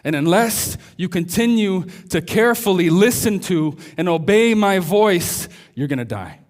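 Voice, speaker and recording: A steady male emergency controller on the radio, firm and insistent, repeating his orders, as a preacher acts him out. The voice sits high for a man, and the lines are spoken with deliberate weight. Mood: commanding.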